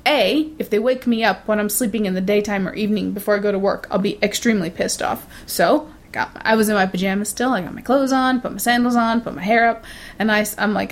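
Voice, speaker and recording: A woman's voice: mid-range voice, fairly even intonation, a little fast. Blunt, salty-tongued woman telling a story. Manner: blunt, swears freely, acts out quoted voices. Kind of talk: casual storytelling chat.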